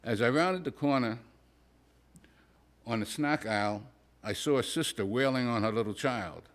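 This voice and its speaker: A man, a poet at a live reading, reading a humorous prose story aloud in a dry, wry, deadpan way. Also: medium pitch, moderate pace. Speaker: poet reading his work.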